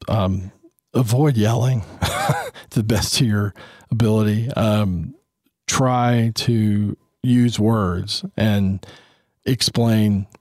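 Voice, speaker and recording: A man in his fifties talks through parenting advice in a casual, earnest way, slipping into quoted family dialogue. His voice sits on the low side. The sound is dry and close, with no room around it. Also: a little mellow, dry recording. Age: 50s.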